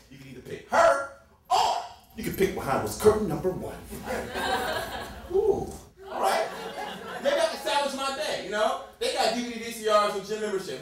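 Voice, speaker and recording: A man telling a comic story at a live show, acting out voices and laughing often. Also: sits high. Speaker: stand-up storyteller. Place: small live venue stage. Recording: roomy live stage from far off with crowd. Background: audience laughing.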